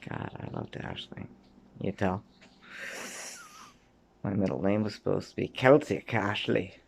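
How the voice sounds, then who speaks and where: A lowish, gravelly voice speaking a little slowly belongs to a Canadian man in his thirties telling his own memories. His rambling monologue drifts between topics, he swears often, and he sometimes drops to a mutter or whisper. There's a little hiss or hum in the recording.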